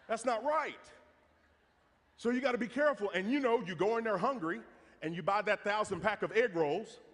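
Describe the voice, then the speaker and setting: A man's voice: sits high, a bit bright, big-room sound. A man giving a live talk to an audience, joking and acting out family moments as he tells stories. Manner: storytelling, joking, acts out family voices. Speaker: speaker on personal finance.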